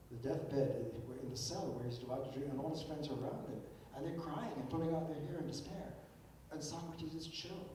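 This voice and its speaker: An older man gives an emphatic philosophical keynote lecture, often repeating words as he restarts a thought. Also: a little mellow. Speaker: keynote speaker. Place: lecture hall. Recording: echoey hall, distant mic, faint rumble.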